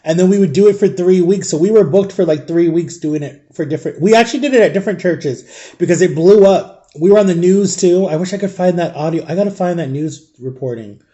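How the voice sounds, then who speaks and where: Chatty man with a mellow, higher voice. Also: fast. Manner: chatty, rambling, frequent "like" and "guys". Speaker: vlogger. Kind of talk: casual storytelling to camera.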